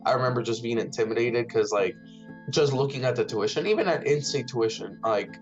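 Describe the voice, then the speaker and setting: A man's voice: mid-range voice, brisk, faint music behind. A young man answering an interview casually, loose with fillers. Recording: dull lo-fi recording.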